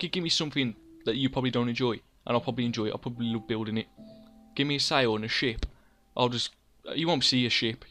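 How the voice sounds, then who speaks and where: A man's voice: medium pitch, bright, forceful tone. A young man, hosting casual gameplay commentary in a rambling, self-mocking way, often talking to himself by name. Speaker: let's play host.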